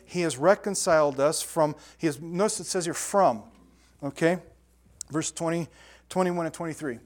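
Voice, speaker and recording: A man's voice: on the high side, moderate pace. Man preaching a conversational sermon. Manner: conversational, repeats words and restarts, builds to emphatic scripture reading. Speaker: pastor.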